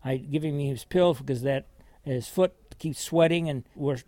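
Chuckling older man, fairly high voice. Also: moderate pace, mellow, dry recording. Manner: rambling, chuckling, folksy storyteller. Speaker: war veteran recounting his service. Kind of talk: oral history storytelling.

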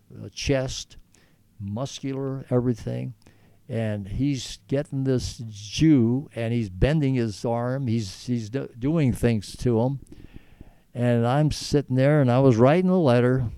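An older man speaks earnestly in an interview, wandering from thought to thought with frequent restarts. His voice is very dark and gravelly, at a middling pitch, and the sound is dry and close. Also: dry recording. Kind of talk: storytelling in conversation.

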